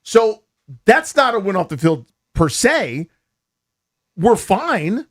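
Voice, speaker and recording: A man's voice: high-pitched, slow. An American man hosting a sports radio show, telling rambling jokey stories in a casual studio chat. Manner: animated, jokey, rambling storyteller. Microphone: studio microphone.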